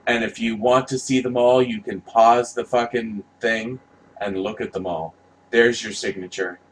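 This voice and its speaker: A man's voice: lowish voice, steady tone, normal speed, a little hiss or hum, low-quality recording. A man giving casual, rambling commentary, passionate and profane, often restarting his sentences. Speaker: vlogger reviewing movie posters.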